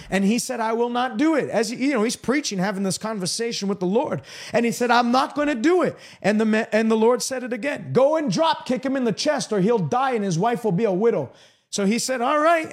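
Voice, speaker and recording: A man preaching a sermon, telling healing stories in an emphatic style with sudden jumps in pitch.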